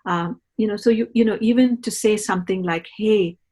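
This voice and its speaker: A middle-aged parenting educator explains things patiently in a podcast conversation, often ending points with a questioning "right?" to check in. Her medium-pitched voice is brisk and a little mellow, with a breathy edge.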